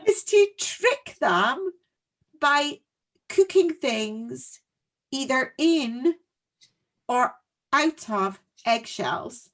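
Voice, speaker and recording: Woman, podcast co-host, casual storytelling, fairly high voice, lively. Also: very slow, long pauses. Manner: animated storytelling, laughing often. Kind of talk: casual chat.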